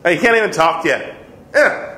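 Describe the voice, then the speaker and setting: Man, 30s, Sunday school teacher; bright voice, slightly high, echoey church room. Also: moderate pace. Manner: earnest, repeats points, chuckles at himself. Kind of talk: conversational Bible lesson.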